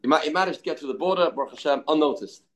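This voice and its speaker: A man's voice: a little high, rapid-fire. A man teaching an informal Talmud study class, thinking aloud, answering students, and mixing Hebrew and Aramaic terms into his English.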